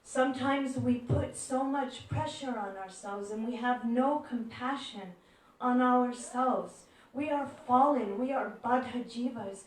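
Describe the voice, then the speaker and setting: Woman giving a spiritual talk, gentle storyteller, kinda high voice, echoey room, mic far off. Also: unhurried. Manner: gentle storyteller who acts out quoted voices. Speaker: devotional speaker.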